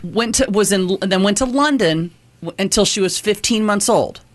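A woman's voice: medium pitch, animated, normal speed, a faint crowd. A female radio co-host in casual, playful banter.

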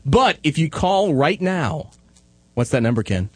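A man's voice: a little high, very animated, a little slow, husky, no echo. A man co-hosting a live comedy radio show, teasing his co-host and callers and laughing often. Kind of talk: casual comedy radio banter. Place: live comedy theater broadcast.

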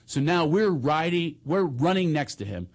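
Animated man telling a wild story. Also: fairly high pitch, normal speed. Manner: animated, laughing storyteller who acts out the parts. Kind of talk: casual chat.

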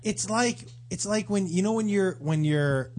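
A man co-hosting a comedic advice talk show, playful and quick to argue back. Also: high voice, darkish tone. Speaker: co-host. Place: studio.

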